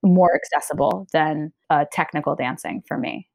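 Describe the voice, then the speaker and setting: A young woman, a stage actor, telling stories in a casual interview, lively and often laughing. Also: normal speed, vocal fry. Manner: animated, laughing, quotes herself in a high voice.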